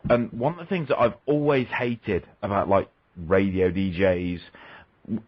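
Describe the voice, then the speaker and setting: A man's voice: low-pitched, unhurried, husky, no echo. A man rambling crudely as a guest on a call-in talk show. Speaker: guest caller. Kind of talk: crude comedic call-in chat. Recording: lo-fi call-in audio.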